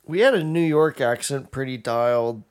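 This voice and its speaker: A man's voice: medium pitch, lively intonation, normal speed, smooth. A young man in casual chat as podcast co-host, loose and joking, swearing freely.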